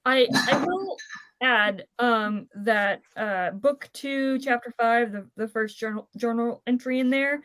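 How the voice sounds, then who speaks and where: A woman's voice: on the high side, slow, fairly bright tone, clear, resonant tone, no echo. A woman on a casual book club panel, speaking hesitantly with fillers and repeated words.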